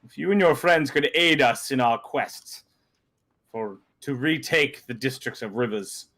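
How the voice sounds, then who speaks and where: A man's voice: mid-range voice, expressive, measured pace, a bit bright. A man voicing a stern, commanding guard captain. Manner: formal, old-fashioned commanding speech.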